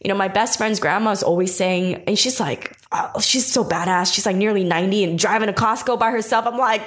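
A young woman hosting a podcast in a chatty, animated way, openly emotional as she speaks. Her voice sits at a middle pitch. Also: fairly quick, hardly any pauses. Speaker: podcast host. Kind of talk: podcast interview.

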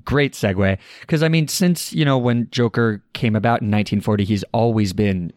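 Low-voiced measured man, dry sound. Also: a little mellow, no echo. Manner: measured, thoughtful, leads questions. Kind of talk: casual movie review chat.

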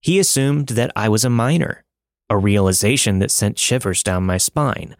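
A man reads a listener's creepy true story aloud, his voice sitting a little low. He builds tension in a measured, dramatic way. The sound is dry and close, with no room around him. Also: lively intonation, dry recording. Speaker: podcast story narrator. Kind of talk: scripted narration of listener stories.

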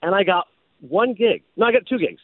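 The man is a podcast host and ex-sportscaster, lively as a storyteller, who breaks into an announcer voice from time to time during casual chat. His voice is high and brisk. The sound is dry and phone-quality.

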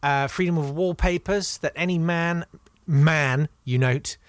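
A man co-hosting a comedy podcast, riffing in a wry, deadpan way. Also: on the high side, measured pace, dry recording. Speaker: podcast co-host. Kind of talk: casual comedic chat.

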